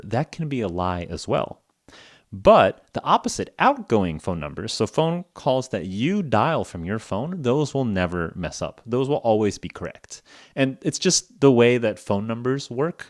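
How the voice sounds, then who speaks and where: In a dry, studio-quality recording, a man with a fairly low voice hosts a casual podcast for English learners as their teacher. He explains things chattily, checks in with "okay?", and acts out little phone conversations.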